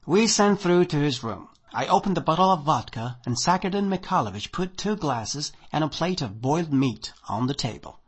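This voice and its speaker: A man narrating a short story in an audiobook reading, with expressive storytelling and a dry, measured delivery. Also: on the high side, breathy edge.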